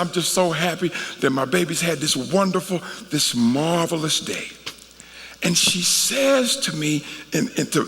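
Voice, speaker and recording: Animated preacher man in a ringing hall. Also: fairly high pitch, creaky. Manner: animated, folksy, conversational preaching with asides to the crowd. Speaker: guest preacher. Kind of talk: storytelling sermon. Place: large worship hall at a church conference. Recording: reverberant hall.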